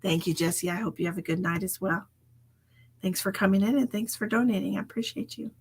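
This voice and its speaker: Woman psychic medium, live-stream host; casual, giggly, whispers asides, medium pitch. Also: brisk, husky. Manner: chatty, laughs often, drops into whispered asides.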